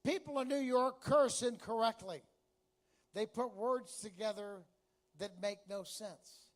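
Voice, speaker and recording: A man's voice: high voice, a little slow. A man from Texas doing a stand-up comedy routine, brash and chatty, with crude punchlines.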